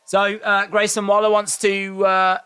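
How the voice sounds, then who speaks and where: A man's voice: high-pitched, monotone, measured pace, sharp tone, clear, resonant tone. A man hosting a live watch-along stream, joking and chatting casually to his viewers as he reacts.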